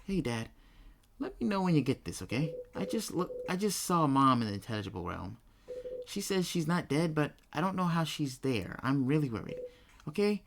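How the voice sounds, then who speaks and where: A man's voice: a little high, very animated, moderate pace, vocal fry. A man reading the lines of a worried young woman, a politician's daughter, in a video game, over a noisy recording.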